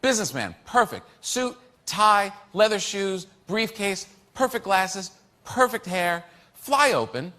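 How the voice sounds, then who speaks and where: Bright, wry stand-up man. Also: high voice, sing-song, takes it slowly. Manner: wry observational storytelling. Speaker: stand-up comedian.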